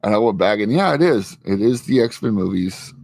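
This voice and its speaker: A man's voice: on the low side, lively intonation, moderate pace, gravelly, darkish tone. A man hosting a casual chat, rambling as he retells a show's scenes and slips into the characters' lines. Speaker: host. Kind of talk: casual show recap chat.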